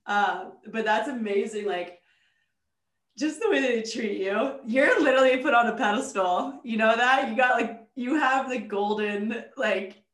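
A woman hosting a casual interview, reacting with quick exclamations and laughing along with her guest. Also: fairly high pitch, a bit bright. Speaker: podcast host. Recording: echoey room.

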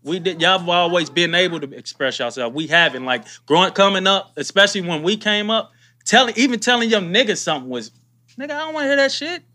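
Podcast co-host, male, AAVE speaker, bright and earnest delivery. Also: high-pitched, animated, quick pace. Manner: earnest, opens up. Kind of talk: casual chat.

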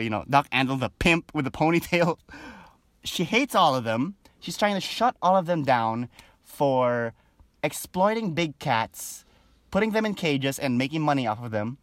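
A man talks straight to camera in a chatty, animated vlog rant, his pitch leaping up and down all the time. The sound is dry and close with no room echo, and his talk is loose, full of fillers and quick asides. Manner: breaks into laughter often. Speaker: show reviewer. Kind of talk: casual opinion vlog.

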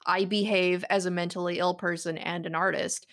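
A woman's voice: lowish voice, flat delivery, normal speed, a bit bright. A woman co-hosting a podcast, talking at length in casual chat and laughing easily.

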